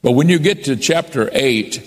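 A man's voice: mid-range voice, lively intonation, moderate pace, in a large hall. A man preaching a sermon as a bishop, quoting scripture and raising his voice emphatically for key points.

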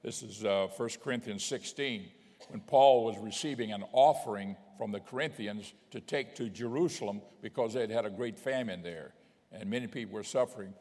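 A man's voice: fairly low pitch, moderate pace, a little mellow. A man preaching a sermon as a bishop, speaking conversationally, reading scripture aloud and chuckling now and then. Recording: long hall reverb.

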